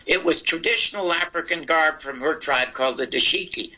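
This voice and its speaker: A man's voice: a little high, a little fast, dull audio. An older man telling stories in an interview, acting out the dialogue in his anecdotes. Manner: animated, acts out dialogue in his story. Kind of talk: anecdotal storytelling.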